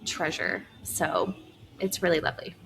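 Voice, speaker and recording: Chatty woman with a lower voice. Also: normal speed, vocal fry, slight background noise, low-quality recording. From Florida. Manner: chatty and animated, with frequent fillers and laughs. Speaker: guest, founder of an Enneagram training company. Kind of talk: conversational podcast interview.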